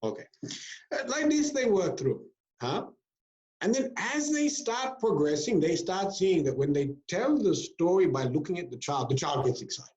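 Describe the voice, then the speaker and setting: A man speaking as a swami, giving a spiritual discourse and telling stories with lively acted-out voices. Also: high-pitched, moderate pace. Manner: lively storyteller who acts out people's voices. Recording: roomy, dull lecture recording.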